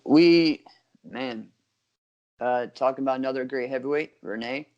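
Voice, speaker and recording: A man's voice: medium pitch, a little slow, darkish tone, dull audio. A middle-aged man co-hosting a martial arts podcast, talking in an easygoing, nostalgic way. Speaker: podcast co-host. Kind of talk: casual chat.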